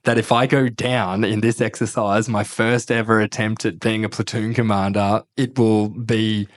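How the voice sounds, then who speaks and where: A man's voice: fairly low pitch, level tone, moderate pace. Swearing Australian man telling army stories. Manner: swears freely and laughs through his stories. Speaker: podcast guest, former army officer. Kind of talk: casual storytelling chat.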